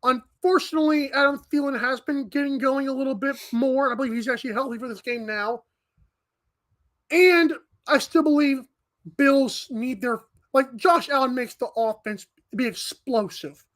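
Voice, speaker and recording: A woman co-hosting a sports radio show, giving betting picks in breezy, joking casual chat. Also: high-pitched. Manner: breezy, jokey, quick asides. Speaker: co-host.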